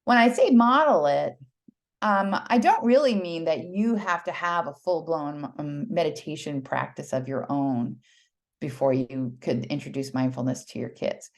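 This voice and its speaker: Middle-aged American woman presenter with a low voice, chatty and earnest, lots of ums and restarts. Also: a little slow. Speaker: presenter, children's mindfulness teacher. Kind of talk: casual public talk.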